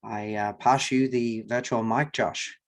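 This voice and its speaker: A man's voice: fairly low pitch, fairly even intonation, a little slow. A man with a nasal Australian accent, chairing an online working group meeting in a friendly, chatty way full of fillers. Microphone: video call.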